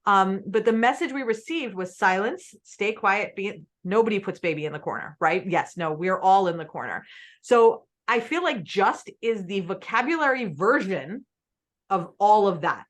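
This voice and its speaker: A woman's voice: mid-range voice, expressive, moderate pace. Woman podcast host, mid-range voice, casual and chatty, swears. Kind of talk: podcast interview.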